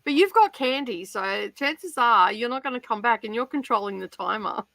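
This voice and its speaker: A bright-toned woman chats and rambles as she hosts a home livestream, laughing easily. Her voice sits a little high and sounds close and dry, with no room around it. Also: lively intonation, normal speed, creaky, dry recording, poor audio. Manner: chatty, giggly, rambling. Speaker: livestream host. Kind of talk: casual chat.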